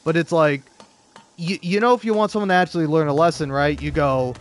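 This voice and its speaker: A man's voice: on the high side, brisk. A young man telling a casual, rambling anecdote full of restarts, fillers and swearing. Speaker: podcast host.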